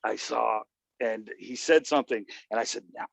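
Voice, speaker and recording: A man's voice: on the low side, moderate pace, creaky, dry recording. A man telling a long personal anecdote in casual conversation, rambling with many fillers and acting out what people said. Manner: rambling, many "you know" fillers, acts out quoted dialogue. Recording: dull lo-fi, dry sound.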